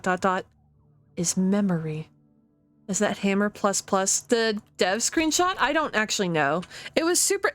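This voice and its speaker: A young woman streaming a game, chatting casually, giggling and thinking out loud. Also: mid-range voice. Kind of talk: casual let's-play commentary.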